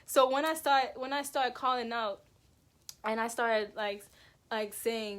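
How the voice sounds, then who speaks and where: Animated woman telling a personal story. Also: on the high side, unhurried. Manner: animated, emphatic, lots of "like" and "yo"; loose, rambling with restarts. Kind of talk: personal story told to camera.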